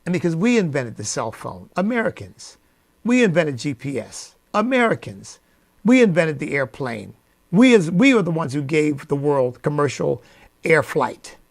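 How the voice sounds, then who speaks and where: A man hosting a radio show, delivering a preacherly opinion monologue that swings from low asides to loud, emphatic peaks. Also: big pitch swings, a little slow, gravelly.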